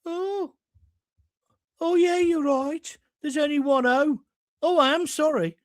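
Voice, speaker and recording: A man voicing a stubborn, indignant old Birmingham cleaning lady in a high protesting voice. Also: slow, no room sound, studio quality. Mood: shrill.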